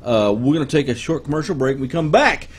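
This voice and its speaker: Brief: middle-aged male radio host, lively and rough-edged, bantering on air. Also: on the high side, quick pace. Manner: lively, exclaims woohoo. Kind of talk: casual radio chat. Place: radio studio.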